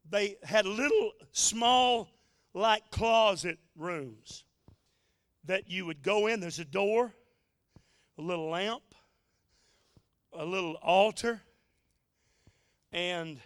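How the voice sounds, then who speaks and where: A man's voice: high-pitched, takes it slowly, long pauses, fairly bright tone, clear, resonant tone, no echo, clean studio sound. A man preaching a sermon, telling a story in a folksy, emotional way with joking asides. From United States.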